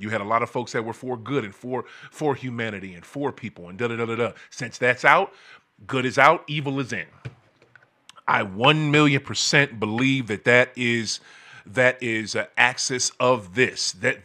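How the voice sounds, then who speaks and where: A fired-up man rants on his own show, cursing freely and tripping over restarts before he breaks into yells. His voice is bright and forceful, sitting at an ordinary middle pitch. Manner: angry, profane, stammering restarts, bursts into shouting. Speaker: podcast host. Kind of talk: heated ranting monologue.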